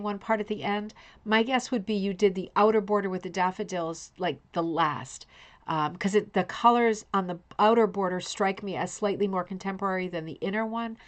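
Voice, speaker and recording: Effusive woman hosting a livestream. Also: medium pitch. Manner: effusive, admiring, addresses viewers by name. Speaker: host of a live online show. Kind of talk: casual livestream commentary.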